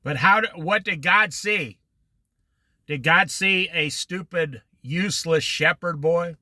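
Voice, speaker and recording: A middle-aged man teaching an informal Bible study, telling stories with lively quoted voices. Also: fairly high pitch, slow, no echo. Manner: animated storytelling with quoted voices.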